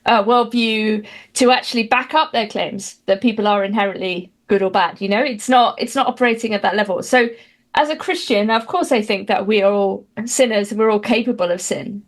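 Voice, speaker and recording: A woman's voice: mid-range voice, fairly quick. A woman, chatting as an interview guest, talking wryly with many fillers and restarts. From Britain. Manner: dry, wry humor with many fillers and restarts. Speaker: guest commentator. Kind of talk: casual interview chat.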